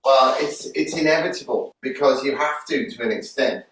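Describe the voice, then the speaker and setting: A man's voice: mid-range voice, moderate pace, fairly bright tone. A man from Liverpool, a fitness trainer chatting casually while coaching a workout and counting reps. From Liverpool, England. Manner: chatty, bursts into song, counts reps aloud. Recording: echoey room, voice from a distance, faint noise.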